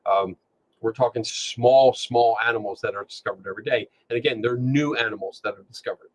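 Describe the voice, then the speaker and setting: A man's voice: mid-range voice, a little fast. A man hosting a podcast, chatting casually with many fillers and restarts, with a Philadelphia accent. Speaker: podcast host. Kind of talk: casual chat. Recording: dull lo-fi sound.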